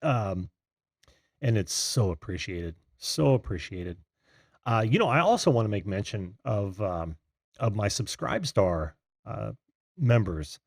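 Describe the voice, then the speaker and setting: Low-voiced, lively male host who laughs often. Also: vocal fry, no room sound, clean studio sound. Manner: laughs often, friendly, halting with fillers. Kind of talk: casual call-in show hosting.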